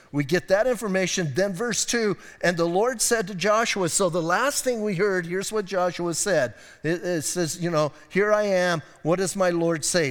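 A middle-aged man preaches in an easy, conversational way, often turning to his listeners directly. His voice sits fairly high. Long reverb from a church hall trails behind him. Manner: casual, chatty, addresses listeners as "man". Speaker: pastor. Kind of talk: conversational sermon.

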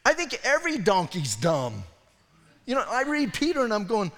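Male pastor, casual and animated sermon storyteller, slightly high voice, with reverb from the hall. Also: normal speed. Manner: animated, slangy storytelling with asides.

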